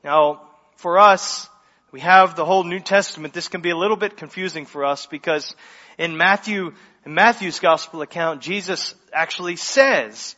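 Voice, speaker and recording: A high, bright-voiced man preaching with emphatic, animated delivery and casual asides. His voice carries a long reverb, as if he were in a large church, and the sound is slightly muffled. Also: normal speed. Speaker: pastor. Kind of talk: sermon.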